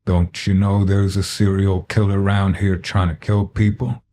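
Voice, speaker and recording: A man's voice: deep voice, flat delivery, normal speed, warm tone, a little hiss or hum, close to an everyday voice. A man doing an easygoing Canadian backwoodsman. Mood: friendly. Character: naked wild hairy man, friendly backwoodsman.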